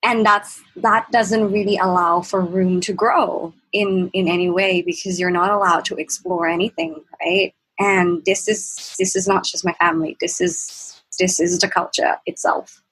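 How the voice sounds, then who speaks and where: A woman's voice: fairly low pitch, steady tone, a bit bright, breathy edge, rough recording. A woman guest speaking casually, recounting a personal story with many restarts and acting out what was said. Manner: halting, many restarts, acts out quoted exchanges. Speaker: program participant, guest.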